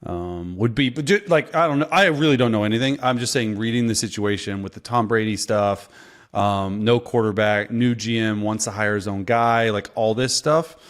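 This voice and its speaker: A man's voice: fairly low pitch, moderate pace. A man co-hosting a casual sports podcast, talking loosely with lots of fillers and restarts. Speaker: podcast co-host and former player.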